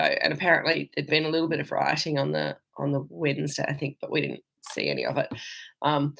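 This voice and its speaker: A gravelly, low-pitched woman's voice with an Australian accent leads a live virtual wine tasting while travelling, recorded indoors. Casual and meandering, she answers comments from viewers, often saying um and starting her sentences over.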